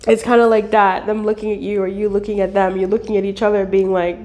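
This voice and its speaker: A woman giving a casual tarot reading, chatty and animated, swearing and laughing as she talks. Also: mid-range voice, fast talker, hardly any pauses, roomy sound. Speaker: tarot reader.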